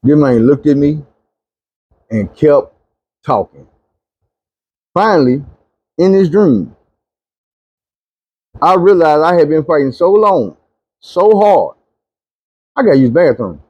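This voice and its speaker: A man telling a long dream story, animated, dropping low and quiet when he pleads. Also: a little slow, pauses often, slightly rough, no room sound, muffled recording. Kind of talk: recounting a dream testimony.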